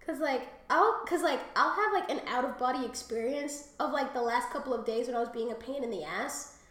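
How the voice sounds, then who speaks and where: A woman's voice: high-pitched, expressive, brisk, a bit bright, reverberant. A woman co-hosting a podcast, telling rambling, crude stories with lots of fillers and laughs, and coughing after a cold. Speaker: podcast co-host. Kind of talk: casual chat.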